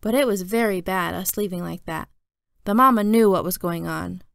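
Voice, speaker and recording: A woman's voice: fairly low pitch, normal speed, creaky, fairly bright tone, no echo, clean studio sound. A woman voicing a stern, devout babysitter who scolds and preaches in a storybook reading. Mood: remorseful.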